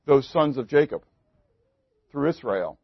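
A man preaching a sermon, swinging between loud emphasis and hushed asides and putting questions to the congregation. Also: mid-range voice, lively intonation, measured pace, no echo, muffled recording. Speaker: pastor.

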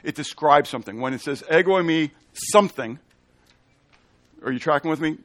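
Male pastor, teaching sermon, chatty and explanatory, keeps asking "okay?", a bit high-pitched, dry close sound. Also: a little fast, a bit bright, no echo. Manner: conversational, checks in with frequent "okay?"; explains Hebrew and Greek terms.

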